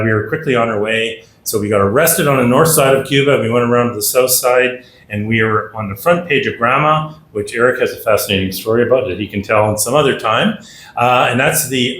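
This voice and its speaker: A middle-aged man from Canada giving a talk at a dinner, telling lively anecdotes and acting out the dialogue. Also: mid-range voice, slight background noise. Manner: anecdotal, animated, acts out dialogue. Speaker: guest speaker. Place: dinner hall. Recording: echoey room with faint ambience.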